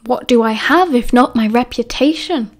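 A woman's voice: a little high, normal speed, close to an everyday voice. A woman with a British accent voicing a smug, charming teenage wizard boy in an audiobook. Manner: smirking, withering.

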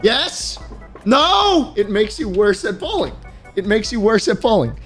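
A young man giving crude, excitable gameplay commentary and yelling at the game. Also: sits high, moderate pace, soft background music. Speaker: streamer.

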